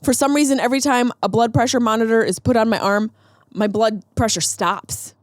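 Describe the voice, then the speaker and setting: A woman's voice: on the high side, fairly even intonation, a little fast, no room sound, studio quality. A woman podcast host in a comedic monologue, ranting animatedly with rhetorical questions.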